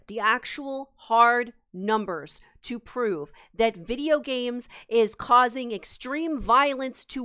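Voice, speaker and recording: A woman's voice: fairly high pitch, a bit bright, smooth. A woman streamer venting angrily and profanely to her live chat, exasperated and swearing. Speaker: streamer host. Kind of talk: heated live-stream rant.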